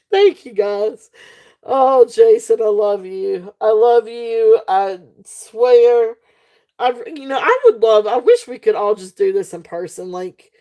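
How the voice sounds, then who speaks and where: A woman with a drawl hosting a live jewelry sale, unhurried and rambling as she chats with her viewers. She giggles often. Her voice sits a touch high and she takes her time. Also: mellow. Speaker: live-stream jewelry seller. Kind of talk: casual live-stream selling chat. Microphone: desk setup, face off camera.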